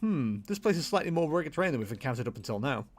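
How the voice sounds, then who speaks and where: A man's voice: fairly high pitch, big pitch swings, quick pace. A man reading out a friendly, helpful game companion's lines in his own voice. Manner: reading on-screen dialogue aloud.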